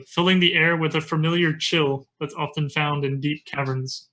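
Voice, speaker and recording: A game master narrating scenes in a tabletop role-playing game in a relaxed, descriptive way. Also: medium pitch.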